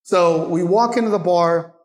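A middle-aged man, a guest bartender, telling animated stories in a live Q&A and laughing often. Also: high voice, a little slow. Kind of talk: live Q&A storytelling. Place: bar venue with audience. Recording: echoey live venue.

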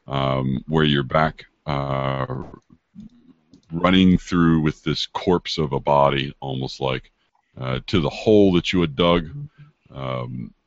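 A man's voice: a bass voice, no echo. A man narrating a tabletop game as game master, rambling with many fillers and casual swearing. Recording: dull dry lo-fi sound.

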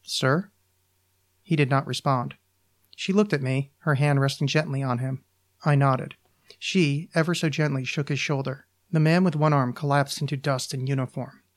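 A podcast host reading his own short story aloud in an even, measured way. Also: medium pitch.

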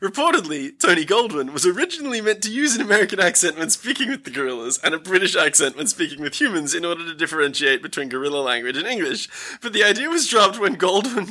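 A man's voice: high-pitched, fast, few pauses. A man co-hosting a podcast in casual chat, reading out movie trivia and laughing often. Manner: animated, laughs often, reads trivia aloud. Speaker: podcast co-host.

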